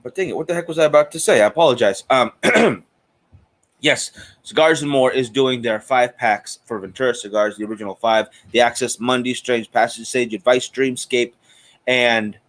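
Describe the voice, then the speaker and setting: A man's voice: medium pitch, normal speed, a bit bright. Chatty male cigar show host. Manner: chatty, greets viewers by name, frequent fillers. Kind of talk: casual live-stream chat.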